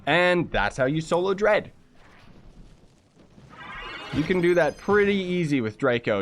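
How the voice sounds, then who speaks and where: A man's voice: on the high side, big pitch swings, a little slow, pauses often, faint music behind. A young man from Canada chatting casually while livestreaming a game, reading chat messages aloud and making jokey asides. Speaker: livestreaming gamer.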